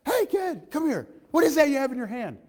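A man voicing an eager, surprised male coworker who calls out loudly in a raised voice. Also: quick pace, big-room sound, full character voice. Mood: excited. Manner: loud, excited, high-pitched calling.

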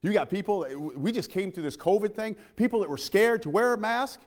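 An impassioned male preacher whose high voice leaps up and down as he swings from shouted declarations to near-whispers. He keeps putting questions to the congregation. The sound carries a long reverb through the church hall. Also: expressive, brisk. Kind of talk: sermon.

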